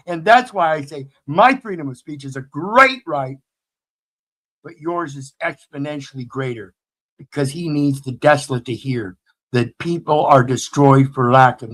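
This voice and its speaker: A man hosting commentary, preaching in a defiant way, swinging from loud outbursts to low asides. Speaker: commentary host. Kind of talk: fired-up commentary.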